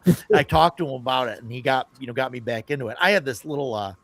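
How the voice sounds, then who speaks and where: A man's voice: mid-range voice, fast talker, no echo. A man hosting a casual tabletop gaming chat, telling stories in a rambling way and often laughing. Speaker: podcast host.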